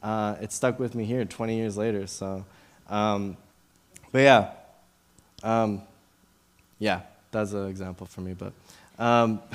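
A man's voice: on the low side, clear, resonant tone. A man in his late twenties giving informal Bible teaching. He tells a childhood story in a loose, conversational way, with many fillers and restarts.

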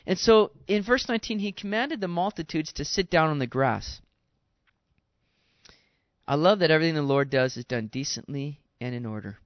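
A man's voice: fairly high pitch, animated, normal speed, dry recording. A man preaching a sermon in an earnest, exhorting way, talking straight to his listeners. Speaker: pastor. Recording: dull dry sound.

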